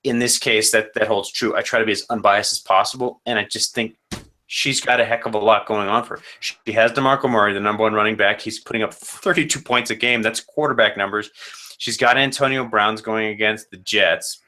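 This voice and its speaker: A man's voice: fairly low pitch, steady tone, a little fast, pushed and bright. A man who runs a fantasy football league, casually rambling through matchup predictions with self-corrections and joking asides.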